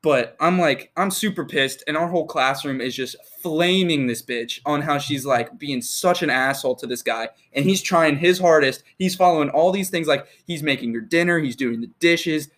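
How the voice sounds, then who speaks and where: A teenage man in casual chat, profane and animated as he retells a film. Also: fairly high pitch, normal speed, hardly any pauses.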